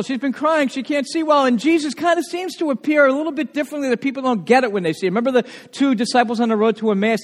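A man preaching a sermon as pastor, telling stories in an animated way and often restarting his words. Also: extremely high pitch, long reverb tail. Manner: animated storytelling with frequent restarts.

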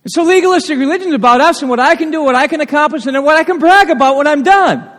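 High-voiced animated pastor in a reverberant hall. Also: male voice, rapid-fire. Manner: animated, asks many rhetorical questions. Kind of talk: sermon. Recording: long reverb of a church hall.

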